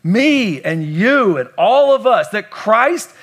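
A man's voice: high-pitched, sing-song, takes it slowly, fairly bright tone. A middle-aged male pastor from Kentucky, preaching a sermon emphatically and asking the congregation questions. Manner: emphatic, asks the congregation questions and repeats lines.

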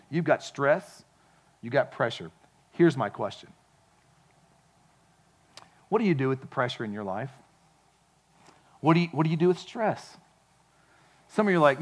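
A man's voice: a little high, big pitch swings, normal speed, pauses often, a little mellow, slightly rough. A man preaching a sermon as pastor, in a casual, conversational way with frequent asides to the congregation.

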